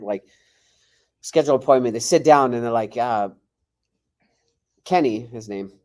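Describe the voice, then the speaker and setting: Animated man telling stories. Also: medium pitch, unhurried, long pauses. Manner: animated, acts out quoted dialogue. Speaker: martial arts instructor and guest. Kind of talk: casual podcast storytelling.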